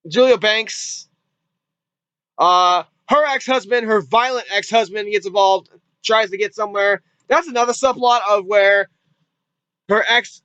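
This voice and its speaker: A man talks through a movie review in a loose, rambling way, repeating himself and swearing offhand. His voice is high and bright, smooth and clear. The sound is dry and a little dull, like a lo-fi home recording. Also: dry recording. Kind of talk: casual spoken review.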